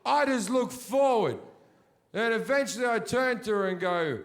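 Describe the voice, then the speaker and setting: A man in his thirties doing a stand-up comedy set in a big theatre, with a profane, ranting delivery that often swells into shouting. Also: extremely high pitch, expressive, unhurried, long pauses, over a noisy crowd, heavy background noise. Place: large sold-out theatre.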